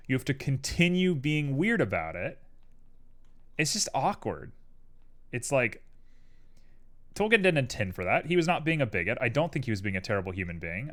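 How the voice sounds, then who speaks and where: Young male streamer, casual and rambling, typing audible under his chatter. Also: mid-range voice. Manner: rambling, tangential, animated. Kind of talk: casual live-stream chat while 3D modeling. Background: keyboard clicks and typing.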